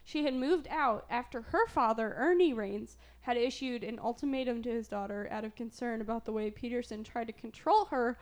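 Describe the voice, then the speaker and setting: A woman's voice: on the high side, moderate pace, few pauses, darkish tone. A young woman from Southern Illinois hosting a casual true-crime podcast, chatty with trailing fillers. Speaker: podcast host.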